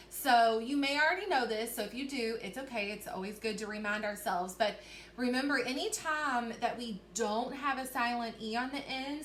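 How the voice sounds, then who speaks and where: Woman teacher, fairly high voice, upbeat and clear, echoey room, slight hiss; video reading lesson for kids. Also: fairly bright tone. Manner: encouraging, slow and clear, sounds words out. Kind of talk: recorded guided reading lesson for children. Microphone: recorded to camera for video.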